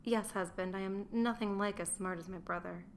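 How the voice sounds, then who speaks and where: A meek young Roman wife speaks mildly, always anxious to please her husband, as a woman reading the audiobook voices her. Her voice is mid-pitched, with faint noise behind it. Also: steady tone, moderate pace, natural voice. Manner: meek, mild. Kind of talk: audiobook character voice.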